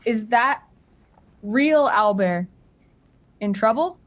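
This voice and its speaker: A woman playing a tabletop game, speaking in a deliberate, measured way. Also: a little high, expressive, highs cut off. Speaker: player.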